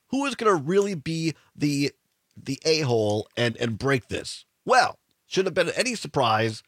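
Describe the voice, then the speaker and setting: A man's voice: a little high, no room sound. A man hosting a political talk radio show, sarcastic, with chuckling asides and frequent restarts.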